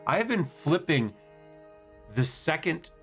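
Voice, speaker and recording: A man's voice: on the high side, very animated, slow, a bit bright, soft background music. Man thinking aloud over a strategy game. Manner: thinks aloud, stumbles over and swaps syllables. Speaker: gaming channel host. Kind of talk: casual let's-play commentary.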